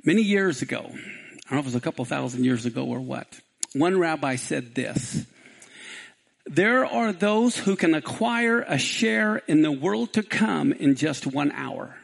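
A man's voice: fairly high pitch, animated, measured pace, creaky, rough recording. A man preaching a sermon, telling a parable with dramatic rising pleas and reading scripture aloud. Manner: dramatic storytelling, voice rising to near shouts on quoted pleas.

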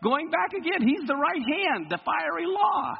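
A man preaching a sermon in an animated way, quizzing his congregation, recorded in a hall with dull lo-fi sound and faint noise. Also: very high-pitched, moderate pace, vocal fry.

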